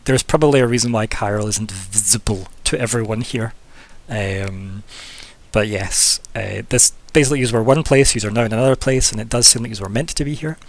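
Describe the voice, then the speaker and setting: A man's voice: on the low side, a little fast. Man rambling as game master. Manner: casual and rambling, with many fillers. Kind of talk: narrating a tabletop game.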